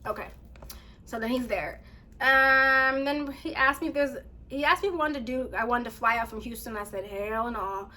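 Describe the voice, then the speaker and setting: A woman vlogger casually telling a story to her viewers, animated, laughing often and reading text messages aloud. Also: fairly high pitch, moderate pace.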